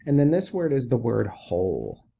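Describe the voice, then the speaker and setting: A male teacher with a gravelly, creaky edge to his speech walks young learners through new words. His tone is dark and mellow, patient and encouraging, and he says each word slowly and clearly for the class. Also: mid-range voice, wildly swooping pitch. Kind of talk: recorded classroom lesson.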